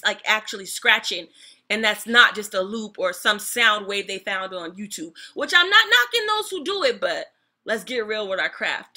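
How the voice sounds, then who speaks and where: Brief: young woman reacting to a track from home, high and piercingly bright, excitable and slangy. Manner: lively, animated, laughs often, slangy. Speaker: music reaction vlogger. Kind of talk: casual reaction commentary. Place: home room.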